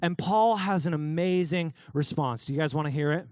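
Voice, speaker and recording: A man's voice: a little high, moderate pace, darkish tone, no room sound, clean studio sound. A young adult man preaching a casual, joking youth sermon, calling out listeners by name. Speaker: youth pastor.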